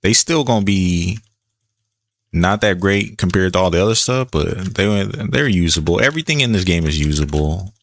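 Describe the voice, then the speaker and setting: Laid-back deep-voiced man streaming a game. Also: expressive, normal speed, creaky, no echo, studio quality. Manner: laid-back, chatty, reads chat aloud. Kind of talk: casual gameplay commentary.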